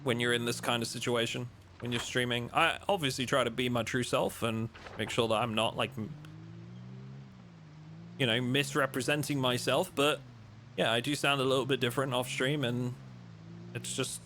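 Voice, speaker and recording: Bright-voiced English streamer, mild Lincolnshire accent. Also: male voice, medium pitch, steady tone, moderate pace, a little hiss or hum. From England. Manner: chatty, joking with chat, many fillers. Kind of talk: casual live-stream chat.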